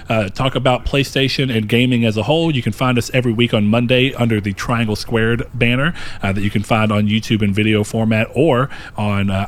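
A man hosting a casual podcast, reading housekeeping notes in an upbeat, rambling way with fillers. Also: mid-range voice. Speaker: podcast host.

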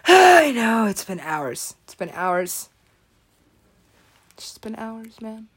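Slow rambling giggly woman. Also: medium pitch. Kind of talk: rambling comedic commentary.

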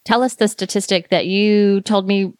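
A woman's voice: medium pitch, fairly even intonation, normal speed, darkish tone, no echo. A woman hosting a podcast interview, asking questions in an encouraging way. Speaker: podcast host. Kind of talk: conversational interview.

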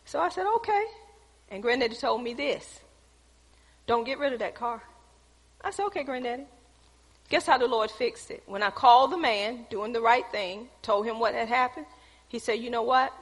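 A woman's voice: on the high side, fairly bright tone, breathy edge. A woman preacher telling a personal testimony in a sermon, addressing the congregation as y'all. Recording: long hall reverb.

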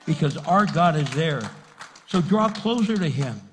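A man's voice: on the high side, lively intonation, measured pace, a little hiss or hum. A man preaching a sermon as pastor, building emphasis and acting out quotes. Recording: reverberant hall.

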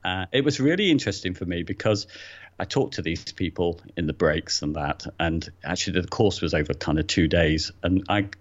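A deep-voiced man talks through a casual podcast as co-host. He often stumbles and repeats words before getting going. The recording sounds a little dull and lo-fi. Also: lively intonation, a little fast. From England. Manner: hesitant, repeats words when starting.

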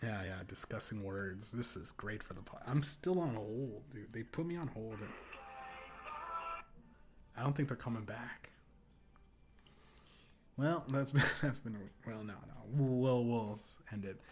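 A man's voice: medium pitch, unhurried, long pauses, a little hiss or hum. A young man hosting a podcast, telling crude, rambling stories and laughing often. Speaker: podcast host. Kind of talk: casual podcast rant.

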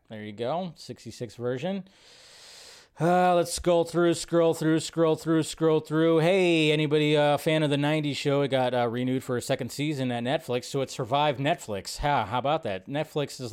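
A man's voice: mid-range voice, smooth. A man hosting a casual live movie news show, chatty and rambling, thinking aloud with fillers as he scrolls at his computer. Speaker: host. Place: home setup at a computer.

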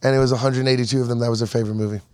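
A man co-hosting a casual podcast, throwing in quick teasing remarks and anecdotes. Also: medium pitch, steady tone, dark tone, dry recording. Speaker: podcast co-host. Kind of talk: casual chat.

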